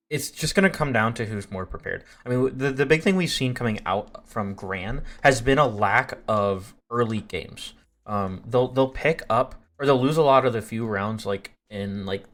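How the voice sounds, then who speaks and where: A man's voice: on the low side, fairly bright tone. A man casting an esports match live, rambling with many fillers and restarts, flustered by technical trouble. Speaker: esports caster. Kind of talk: live play-by-play commentary.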